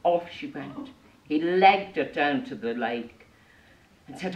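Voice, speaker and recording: A playful woman storyteller, slow and unhurried, with a low voice that swings widely as she acts out her characters. She sounds a little away from the mic in an echoey room. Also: animated, distant mic, a little hiss or hum. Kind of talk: live storytelling to children. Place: arts centre room with audience.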